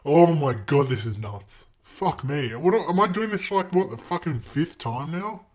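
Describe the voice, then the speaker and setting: A man's voice: fairly high pitch, animated, a little slow. A young man commenting on his own gameplay footage, exasperated and swearing constantly as he hurls insults at himself. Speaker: gaming video creator.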